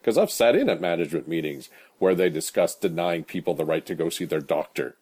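Male co-host, very low voice, dry wry humor, casual podcast talk. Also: lively intonation, brisk, darkish tone, husky.

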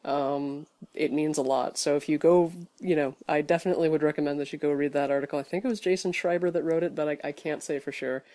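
A man's voice: on the high side, steady tone, fast, hardly any pauses, mellow. A man co-hosting a casual podcast, talking in a rambling way with many fillers and restarts. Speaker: podcast co-host.

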